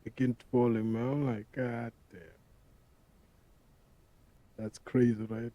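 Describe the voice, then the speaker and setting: A man's voice: mid-range voice, level tone, normal speed, no room sound, dull audio. A man hosting a podcast, talking casually in a rambling, profane way full of street slang. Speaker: podcast host. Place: podcast studio.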